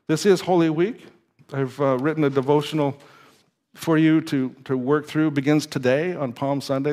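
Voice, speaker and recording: A male pastor preaching a sermon to his church, moving between quiet reading and emphatic, lively exhortation. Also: medium pitch. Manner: lively, swings from quiet to emphatic, with laughs and stumbles.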